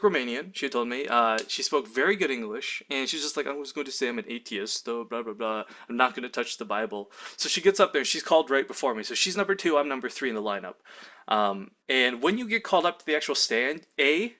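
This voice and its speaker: A young man telling a story casually in his vlog, animated, full of fillers and acted-out quotes. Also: medium pitch. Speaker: vlogger.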